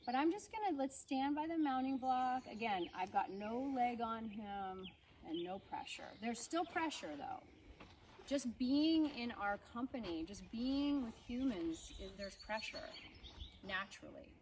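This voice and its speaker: A woman's voice: on the high side, animated, unhurried, a little hiss or hum. Woman vet coaxing a horse outdoors. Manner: coaxing the horse with soft baby talk, then explaining to viewers. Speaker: holistic veterinarian and horse trainer. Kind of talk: outdoor riding tutorial. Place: outdoors at a rural horse farm. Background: birds and outdoor ambience.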